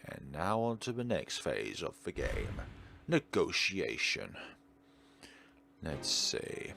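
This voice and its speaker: A man hosting a let's play, reading the game's text aloud in an expressive way. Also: low voice, slow, creaky.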